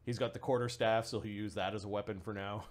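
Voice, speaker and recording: A man playing a tabletop role-playing game, describing his character in a relaxed, rambling way with casual swearing. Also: lowish voice, fast talker. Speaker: player.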